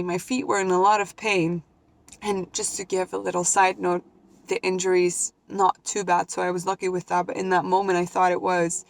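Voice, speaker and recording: A woman's voice: mid-range voice, no room sound. A young woman earnestly sharing a personal story in a vlog, emotional and heartfelt, often restarting her sentences. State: emotional, near tears. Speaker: vlogger. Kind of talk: personal reflective talk to camera.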